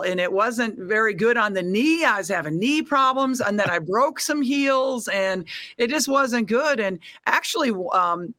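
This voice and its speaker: A middle-aged woman with a Midwestern American accent, talking as a coach on a podcast. Her voice is bright and forward, and it sounds dry and close to the mic. She is frank and chatty. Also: mid-range voice, dry recording. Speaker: head basketball coach, guest. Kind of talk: casual interview chat.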